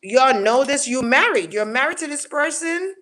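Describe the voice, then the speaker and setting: A woman's voice: sits high, lively intonation, normal speed, a bit bright. A woman giving a casual collective tarot reading, blunt and slangy, swearing freely and repeating words for emphasis. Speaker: tarot reader.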